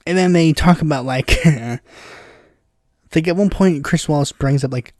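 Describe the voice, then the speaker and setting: A man's voice: on the high side, a little fast, a little mellow, dry recording, clean studio sound. A man hosting a casual political commentary podcast, rambling with lots of fillers and bursts of exasperated impressions.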